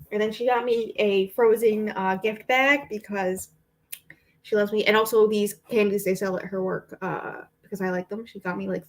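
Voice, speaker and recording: A young adult woman book vlogger rambling in casual chat, with lots of fillers. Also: medium pitch. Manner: rambling and chatty, with frequent fillers and laughs.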